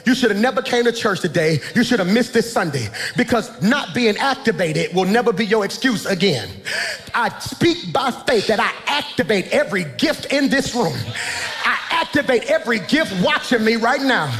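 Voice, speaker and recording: A high-pitched man preaches to a big church crowd, his voice climbing into shouts. His words ring out through a hall with a long reverb while faint music plays underneath. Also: expressive, moderate pace. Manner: shouting, preaching with a sing-song cadence. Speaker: pastor. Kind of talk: sermon. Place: large church before a congregation.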